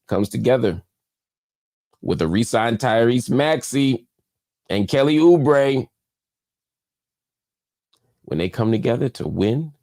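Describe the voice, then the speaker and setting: A man's voice: fairly low pitch, a little mellow, no echo. A man hosting his own show, giving an impassioned, emphatic commentary monologue that repeats phrases for effect. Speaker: show host. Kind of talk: live-stream commentary monologue.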